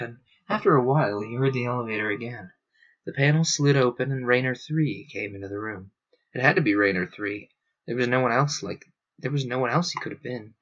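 A man narrating a novel aloud in a steady storytelling manner, on a dull lo-fi recording. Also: mid-range voice. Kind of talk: book reading aloud.

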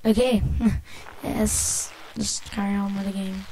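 A woman commentating a let's play, excitable and swearing often as she reacts to the game. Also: mid-range voice, slow. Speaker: gamer. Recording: loud background noise, amateur capture.

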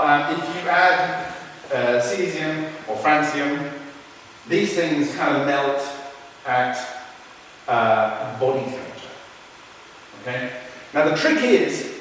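A man's voice: fairly high pitch, fairly bright tone, slight background noise. A man giving a chatty, informal university lecture, telling anecdotes and swearing casually as he explains. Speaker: guest lecturer. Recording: very echoey hall, distant mic.

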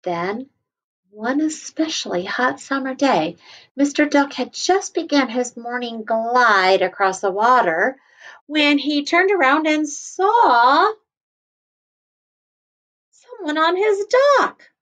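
A woman kindergarten teacher reading a picture book aloud to children, gently stopping to explain words. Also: high-pitched, animated, slow pace, rough recording.

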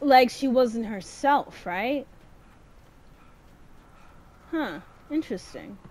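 A woman's voice: fairly high pitch, animated, extremely slow, a little mellow. A woman streaming gameplay, talking back to the game in casual slang, exasperated and swearing as she plays. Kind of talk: live gameplay commentary.

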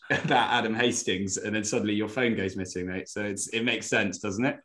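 A man co-hosts a relaxed podcast with a fairly low voice. He teases his companions and steers the chat with pointed questions. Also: normal speed. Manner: teasing, asks leading questions.

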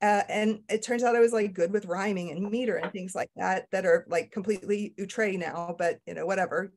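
Candid, halting middle-aged woman author. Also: medium pitch, steady tone, darkish tone. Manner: candid, self-deprecating, halting with restarts. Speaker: author being interviewed. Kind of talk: casual conversation.

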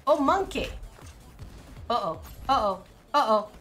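A woman streaming a game live with her viewers, excitable and giggly, full of exclamations. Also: on the high side, a little slow, faint music behind. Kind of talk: casual live gaming commentary.

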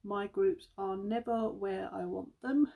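Chatty British woman with a gravelly voice. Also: medium pitch, steady tone, a little slow, dark tone. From United Kingdom. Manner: chatty, addresses viewers as guys, hums to herself. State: slightly out of breath. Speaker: beauty seller livestreaming. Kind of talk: casual live-stream chat.

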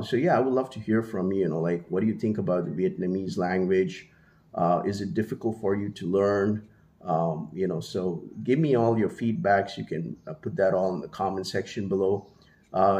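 A man with a low, deep voice chats casually to his camera. He rambles, stopping to restart his sentences and filling gaps with "you know" and "um". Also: normal speed, mellow. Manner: rambling, many fillers and restarts. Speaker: travel vlogger. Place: living in Vietnam.

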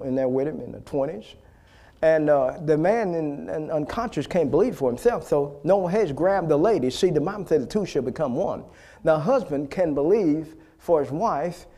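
A male pastor preaching a fervent sermon, repeating phrases and building to loud exhortation. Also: fairly high pitch.

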